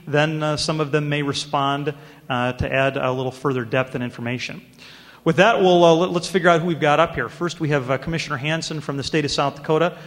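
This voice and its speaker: A man moderating a conference panel, introducing the speakers with many pauses and light teasing. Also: a little high, steady tone, in a large hall.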